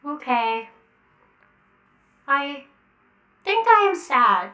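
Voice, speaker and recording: A woman voicing a childlike, naive young female android who speaks slowly and literally. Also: high voice, big pitch swings, recorded from a distance, pitched above the performer's own voice, heavily acted. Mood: earnest. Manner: slow, halting, literal phrasing.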